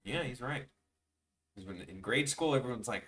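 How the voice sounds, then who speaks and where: Young male streamer, rambling and self-deprecating, bright tone, sits back from the mic. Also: medium pitch, animated, moderate pace, long pauses, recorded from a distance. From Chicago, USA. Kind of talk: casual chat while drawing on stream.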